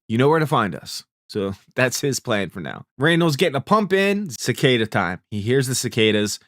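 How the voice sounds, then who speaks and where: A man breezes through a TV recap in an easygoing, swearing style. His voice sits at an ordinary middle pitch. The recording is close and completely dry, with no room sound. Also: sing-song, normal speed, hardly any pauses, a bit bright, no echo. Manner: laid-back, profane, paraphrases characters' lines in plain retelling. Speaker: TV recap host. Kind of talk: casual spoken recap.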